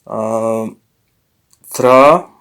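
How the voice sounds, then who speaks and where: A man teaching a casual language lesson, explaining slowly with many fillers and self-corrections. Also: on the low side, fairly bright tone, clear, resonant tone.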